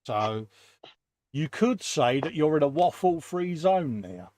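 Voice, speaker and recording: A man's voice: on the high side, animated, takes it slowly, heavy background noise. A British man hosting a casual live stream, greeting viewers one by one in a chatty, matey way. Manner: chatty, greets viewers, calls everyone mate. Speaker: host.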